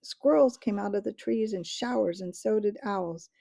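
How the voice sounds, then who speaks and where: A woman reading a storybook aloud in a gentle, measured way. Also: mid-range voice, creaky, dry recording. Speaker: audiobook reader.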